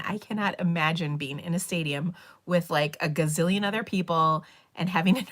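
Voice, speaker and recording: A middle-aged woman, hosting a live stream and chatting casually, rambling through stories with laughs and fillers. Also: on the low side. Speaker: livestream host. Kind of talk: casual chat.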